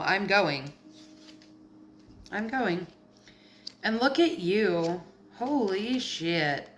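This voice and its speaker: A woman's voice: medium pitch, fairly bright tone, a little hiss or hum. A woman giving a casual tarot reading, blunt and profane, getting heated as she goes. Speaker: tarot reader.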